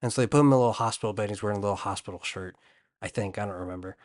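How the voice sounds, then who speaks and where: A man's voice: fairly low pitch, very fast. Rambling slangy young man recapping a show. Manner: rambling slangy storytelling, quoting characters in a loose offhand way. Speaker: comedic recapper. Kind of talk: casual comedic retelling.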